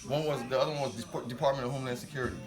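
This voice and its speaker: A man telling a story in a casual podcast chat, animated and acting out the voices of the people in it. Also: medium pitch, racing, music in the background. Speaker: podcast guest.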